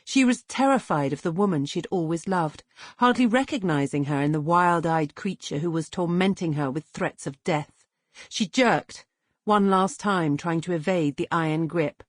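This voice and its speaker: A woman reading a dramatic novel aloud as an audiobook narrator, measured and expressive, close to the mic. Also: fairly low pitch, no echo. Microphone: close studio mic.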